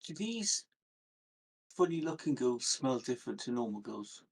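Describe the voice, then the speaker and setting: A man playing a tabletop game, polite and measured in how he asks things. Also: mid-range voice, big pitch swings, breathy edge. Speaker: player. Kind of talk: tabletop role-play banter.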